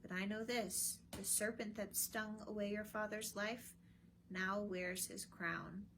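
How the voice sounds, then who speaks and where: A woman voicing the ghost of a dead king, speaking slowly in a solemn, hollow voice for a storybook reading. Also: mid-range voice, steady tone, a bit bright, slight background noise. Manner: slow, grave, hollow delivery.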